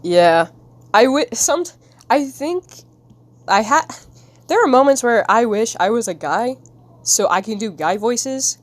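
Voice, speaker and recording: A woman streamer chats casually with her viewers while she draws, giggling and rambling in a silly way. Her voice is on the high side, and there's no room sound.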